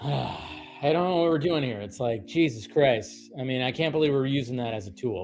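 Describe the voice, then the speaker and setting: A man's voice: mid-range voice, lively intonation, normal speed, darkish tone, soft background music. A man hosting a livestream, ranting casually with many fillers and restarts, sounding exasperated. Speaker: livestream host.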